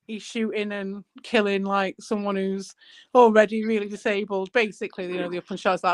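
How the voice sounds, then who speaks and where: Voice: mid-range voice, flat delivery, brisk, rough recording. A speaker, rambling and swearing freely while chatting casually online as a co-host. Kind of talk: casual chat.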